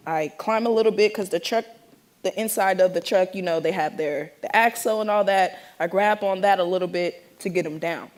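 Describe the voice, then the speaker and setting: A young woman from the Bay Area telling an audience her own story in a lively, animated way, acting out the voices of the people in it. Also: lowish voice, moderate pace. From San Francisco Bay Area. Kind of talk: personal storytelling talk to an audience.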